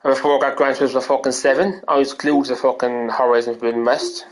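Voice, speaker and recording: A man's voice: medium pitch, steady tone, fast talker, poor audio. An Irish man streaming games and ranting casually, rambling, swearing often and restarting his sentences. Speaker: gaming streamer.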